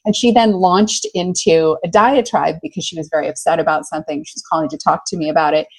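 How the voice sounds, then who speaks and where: A woman's voice: sits low, fairly even intonation, fast. A middle-aged woman, an enthusiastic storyteller with a big laugh, speaking as a love coach in a podcast interview. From United States.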